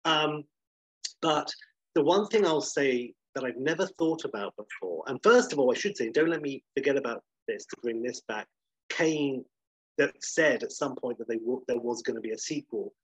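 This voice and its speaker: A man's voice: medium pitch, normal speed, husky, no room sound, rough recording. A man co-hosting a podcast in casual chat, rambling and correcting himself as he goes. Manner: rambling, self-correcting, enthusiastic. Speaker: podcast co-host.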